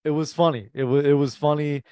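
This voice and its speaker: A man's voice: a little high, steady tone, brisk, warm tone, clear, resonant tone, no echo. A man co-hosting a podcast, rambling casually about a comedy special, with frequent restarts and easy laughs. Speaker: podcast co-host. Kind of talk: casual chat reviewing comedy.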